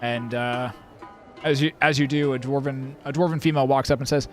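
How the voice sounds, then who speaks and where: A man's voice: mid-range voice, steady tone, a little fast, soft background music. Rambling man narrating a tabletop game. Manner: rambling, many fillers and restarts. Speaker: dungeon master.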